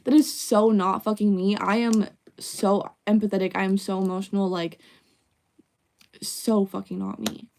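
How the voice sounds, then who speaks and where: Young female streamer, casual live chat, blunt and profane, mid-range pitch. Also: steady tone, normal speed. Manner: candid, frequent swearing. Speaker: livestreamer.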